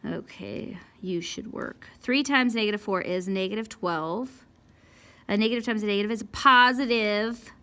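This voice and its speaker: Bright, gravelly woman teaching math. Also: mid-range voice, moderate pace. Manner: scolds herself and talks to the equations; sighs and whispers in frustration. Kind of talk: recorded math lesson walkthrough.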